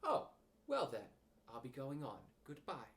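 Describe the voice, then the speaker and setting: A man's voice: mid-range voice, wildly swooping pitch, unhurried. A man voicing a greedy, simple-hearted teddy bear in a storybook reading, plaintive and easily flustered. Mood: eager.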